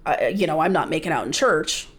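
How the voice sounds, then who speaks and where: A woman's voice: low-pitched, expressive, fairly quick, fairly bright tone, slightly rough. Woman in her forties, podcast guest, blunt and candid, laughs while telling stories. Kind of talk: candid casual chat.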